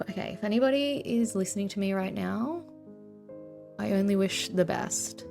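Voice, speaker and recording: Emotional woman vlogger with a gravelly voice. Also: mid-range voice, normal speed, faint music behind. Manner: sighing, emotional, soft-spoken asides. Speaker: paranormal history vlogger. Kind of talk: emotional storytelling vlog.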